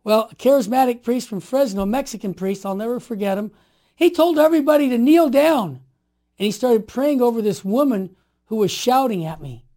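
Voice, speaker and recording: A man in his sixties telling stories in conversation, emphatic and animated, dropping to quiet asides and rising to forceful exhortations. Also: very high-pitched, moderate pace. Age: 60s. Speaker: guest. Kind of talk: storytelling in conversation.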